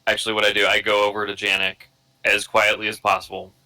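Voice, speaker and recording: A man playing a tabletop game, animated and often breaking into laughter. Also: lowish voice, fast, poor audio. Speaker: player.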